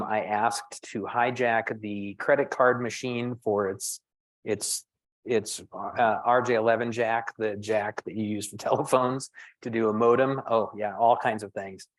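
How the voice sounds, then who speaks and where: A man's voice: medium pitch, no echo, poor audio. A middle-aged man, a physician and storm chaser, talking thoughtfully at a panel discussion, self-deprecating and restarting his phrases often.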